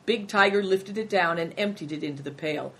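A woman narrating an audiobook, with expressive storytelling. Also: on the low side, a little fast, slightly rough.

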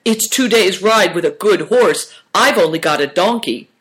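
Nervous young boy servant, whiny and pleading, voiced higher by the narrator. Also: lively intonation, a bit bright, lightly acted. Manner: anxious, pleading, quick to complain.

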